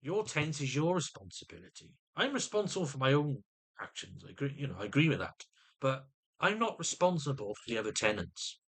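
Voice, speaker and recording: A man's voice: medium pitch, big pitch swings, brisk, fairly bright tone, breathy edge. A man venting to camera in an agitated monologue, often restarting and repeating his words. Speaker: vlogger.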